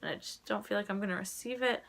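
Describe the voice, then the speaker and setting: Young woman vlogger, rambling casual chat, bright and forceful tone with some vocal fry. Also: medium pitch, fast talker. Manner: rambling, chatty, full of "like" fillers.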